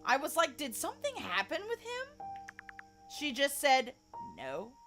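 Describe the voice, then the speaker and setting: A woman's voice: sits high, huge pitch swings, unhurried, over music, voice pushed up, full character voice. A woman with a Southern US accent voicing a young man who wryly recounts an awkward scene to a friend in a visual novel. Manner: wry, conversational storytelling. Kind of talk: reading a visual novel aloud.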